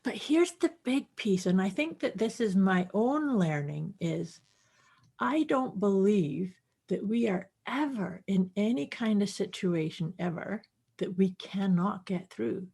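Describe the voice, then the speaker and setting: A woman co-hosting a podcast in casual chat, speaking reflectively and pausing to find her words. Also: medium pitch, expressive, gravelly, dark tone, breathy edge. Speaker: podcast co-host.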